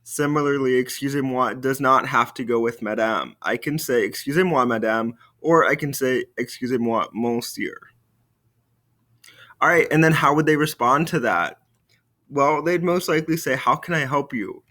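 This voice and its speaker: A man's voice: medium pitch, bright, forceful tone. Man teaching a French lesson. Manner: slow call-and-repeat drills with careful French phrases; upbeat classroom explaining. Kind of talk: recorded video lesson.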